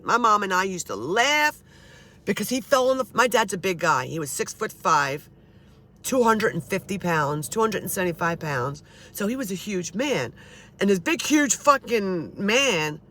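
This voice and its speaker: Her voice mid-range and sharp, the storyteller shares personal ghost encounters in a casual, blunt, talkative way, cursing as freely as she likes.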